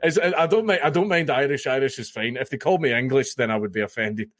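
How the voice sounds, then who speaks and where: A man's voice: medium pitch, fast, no echo, studio quality. A Scottish man talking as a podcast guest in casual chat, animatedly acting out the people he mocks. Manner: animated, mocking storyteller who acts out quotes.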